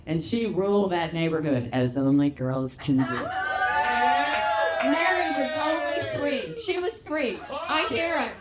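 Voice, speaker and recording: A woman's voice: lowish voice, big pitch swings, measured pace. A middle-aged woman from Louisiana with a Southern accent, doing a brash, bawdy stand-up set on a theatre stage. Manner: brash, bawdy storytelling, big acted-out quotes. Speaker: stand-up comedian. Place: theatre stage with live audience. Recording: roomy theatre with crowd noise.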